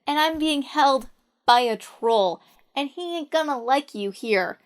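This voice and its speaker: A woman's voice: high-pitched, expressive, a little slow. A woman voicing a fretful captive young princess who warns and pleads anxiously. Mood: worried.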